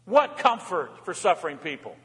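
A middle-aged man, a pastor, giving a fervent sermon in a church, moving between raised cries and soft, low asides. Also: very animated, moderate pace. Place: church sanctuary. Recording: reverberant church hall.

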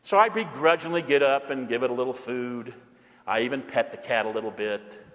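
A male pastor preaching a sermon, emphatic, moving between loud proclamation and quiet asides. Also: mid-range voice, brisk, long reverb tail.

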